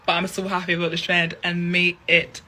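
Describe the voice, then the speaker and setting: Woman, Scottish accent, bright tone, emphatic, casual to-camera chat. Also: fairly low pitch, monotone, fairly quick. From Scotland. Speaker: content creator.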